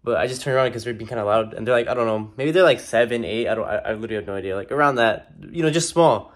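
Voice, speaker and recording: A man's voice: mid-range voice, racing. A young man ranting in a casual, slangy way, exasperated and swearing a lot. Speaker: vlogger. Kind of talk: casual rant to camera.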